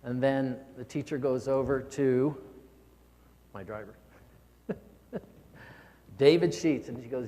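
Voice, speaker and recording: A man's voice: medium pitch, fairly even intonation, slow, pauses often, mellow. A man giving a motivational keynote speech, earnest and prone to repeating words when stirred. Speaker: keynote speaker. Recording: long hall reverb.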